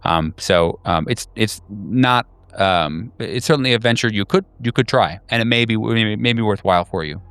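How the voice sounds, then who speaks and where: A man's voice: moderate pace, hardly any pauses, clean tone, dry recording. A man narrating as game master of a tabletop horror game, hesitant and full of fillers. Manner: hesitant, many fillers and restarts, lively pitch.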